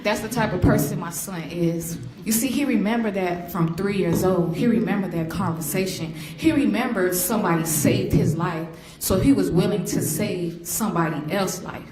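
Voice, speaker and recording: A middle-aged woman speaks as a grieving mother at a sentencing. She tells her stories vividly and with feeling, at a mid pitch. The courtroom is echoey and has a faint hum behind her. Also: normal speed, few pauses. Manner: emotional, vivid storytelling that slips into acted quotes. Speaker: victim's mother giving an impact statement. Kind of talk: courtroom victim impact statement.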